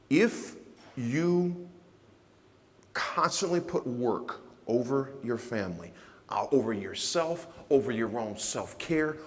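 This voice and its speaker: A man from Nebraska giving a motivational keynote speech, telling stories dramatically and swinging from hushed lines to shouting. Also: medium pitch. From Nebraska, USA. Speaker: motivational speaker. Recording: reverberant hall sound.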